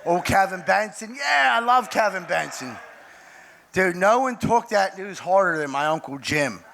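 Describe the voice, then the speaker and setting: A man's voice: high voice, lively intonation, measured pace, gravelly, background noise. A man doing a stand-up comedy set, telling a loose rambling story and acting out other people's lines. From Pittsburgh area, US. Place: live comedy venue with audience.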